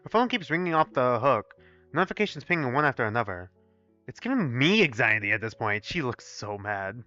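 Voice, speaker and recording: A young man streaming his first playthrough of a visual novel, reading the text aloud and commenting to chat in an animated, profane way. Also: mid-range voice, a little fast, lo-fi sound, soft background music. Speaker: gaming streamer. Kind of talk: live let's play, reading aloud and commenting.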